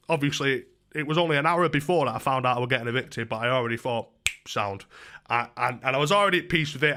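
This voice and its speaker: A man's voice: medium pitch, sharp tone. A young man telling a story in a chatty, casual way, swearing freely. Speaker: vlogger.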